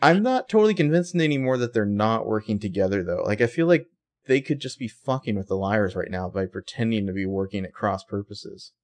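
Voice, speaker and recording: A man with a low, gravelly voice leans back into loose, casual chat as a podcast co-host. He talks in a relaxed way, laughs easily and drops a curse now and then. His voice sits low and rough throughout. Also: a little fast. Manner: laid-back, laughs often, swears casually. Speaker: podcast co-host recapping a TV episode.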